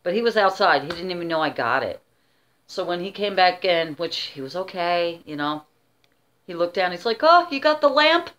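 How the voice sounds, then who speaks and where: A woman's voice: fairly low pitch, normal speed, a bit bright. A middle-aged woman vlogger chatting casually while showing her auction finds, rambling with many asides. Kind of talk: casual show-and-tell chat.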